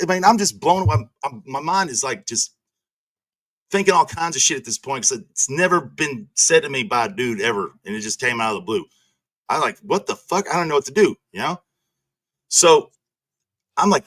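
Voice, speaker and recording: A man's voice: fairly high pitch, animated, brisk, a bit bright, no room sound. A man from Texas, a stream host telling a profane story in casual chat.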